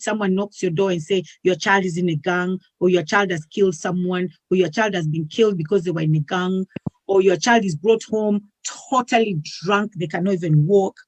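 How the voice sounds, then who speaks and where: A woman hosting a talk show speaks at an ordinary middle pitch, earnest and persuasive. She often repeats a word or phrase as she builds toward her point. The recording is dry and close, with no room sound. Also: dry recording, poor audio.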